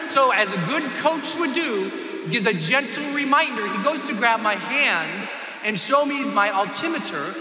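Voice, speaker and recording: Animated high-voiced male motivational speaker. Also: measured pace. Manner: expressive, dramatic, acts out scenes with screams. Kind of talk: animated storytelling talk. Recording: echoey hall with ambient noise.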